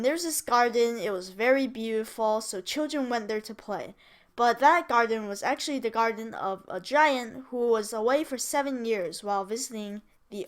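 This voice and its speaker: A woman who teaches English, reading a story aloud in a chatty way, with casual asides and self-corrections. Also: on the high side.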